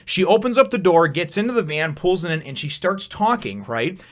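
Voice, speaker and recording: A man's voice: high-pitched, expressive, normal speed. A young man from Chicago telling a long, rambling personal story in a casual vlog, with frequent asides and swearing.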